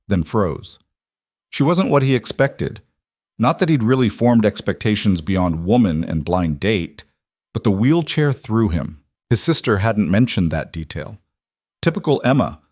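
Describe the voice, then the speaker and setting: Low-voiced male story narrator. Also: a little mellow, no room sound, studio quality.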